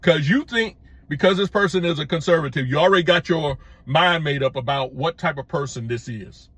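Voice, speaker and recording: A man's voice: a little high, a little fast, fairly bright tone, husky, no echo. A middle-aged man hosting his own channel, giving an emphatic opinion monologue with repeated phrases and stammered restarts. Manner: emphatic, repetitive, restarts with stammered false starts. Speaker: YouTube channel host.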